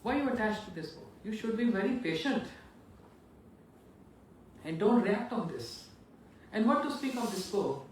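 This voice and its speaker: A man's voice: high-pitched, sing-song, normal speed, long pauses, a little hiss or hum, pitched above the performer's own voice. A man voicing a cheeky young prince who mocks an angry sage, in an echoey room from far off. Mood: teasing. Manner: mocking, playful.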